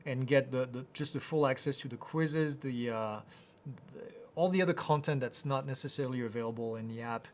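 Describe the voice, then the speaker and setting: A man hosting a live Q&A, reading out viewer questions and answering them in a casual, halting way with many fillers. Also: mid-range voice, slight background noise. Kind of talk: live Q&A chat.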